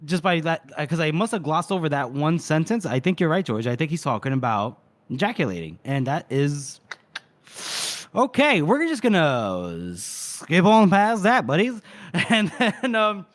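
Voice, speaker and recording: A young man co-hosting a casual book podcast, animated, laughing and slipping into character voices as he retells scenes. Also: a little high, normal speed. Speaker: podcast co-host. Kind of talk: casual book discussion, reading and acting out scenes.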